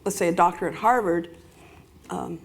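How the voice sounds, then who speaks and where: A woman's voice: on the low side, normal speed, creaky. Older woman guest, teasing and reflective. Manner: teasing, then reflective and earnest. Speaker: interview guest. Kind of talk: live stage interview. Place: stage at an awards event.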